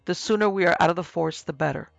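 Man doing gruff forester, storybook, gravelly, raised voice, fairly high. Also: rapid-fire, fairly bright tone, dry recording. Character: gruff, bold grown male forester.

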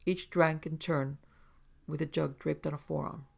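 A man narrating an audiobook story in a measured, descriptive way. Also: on the high side, flat delivery, gravelly, a little mellow.

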